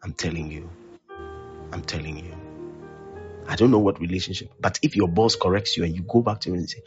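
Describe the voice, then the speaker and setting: Emphatic pastor preaching. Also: male voice, low-pitched, a little fast, muffled recording, soft background music. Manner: emphatic preaching, repeats phrases, swings loud to hushed. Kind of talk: sermon.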